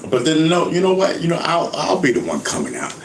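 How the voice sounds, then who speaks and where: Laid-back rapper dude rambling and laughing, roomy echo, faint hum behind. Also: male voice, a little high, huge pitch swings, fairly quick. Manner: laid-back, laughing, keeps saying "you know what I mean". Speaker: rapper and vlogger. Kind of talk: casual rambling monologue.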